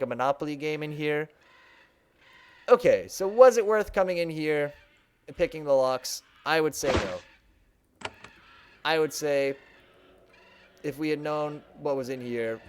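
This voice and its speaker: A man's voice: fairly high pitch, a little hiss or hum. Chatty young man streaming a game. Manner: chatty, thinking aloud, self-mocking. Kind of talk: casual let's-play commentary. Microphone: desk microphone.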